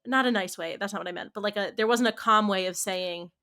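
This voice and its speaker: A woman's voice: medium pitch, quick pace, pushed and bright. A woman co-hosting a podcast, talking casually and explaining things with lots of fillers and quoted asides. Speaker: podcast co-host.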